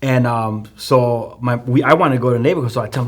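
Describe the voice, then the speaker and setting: A podcast guest with a Chicano English accent speaks at a quick pace in a mid-range voice. He tells a personal testimony in a loose, storytelling way, with many fillers and restarts.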